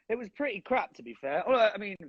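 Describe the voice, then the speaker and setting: A man's voice: sits high, sing-song, a little fast, a bit bright, breathy edge, dry recording. A young man chatting casually and joking on a live video call. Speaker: actor and co-host of the live chat. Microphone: phone on a video call. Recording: dry, dull lo-fi phone audio.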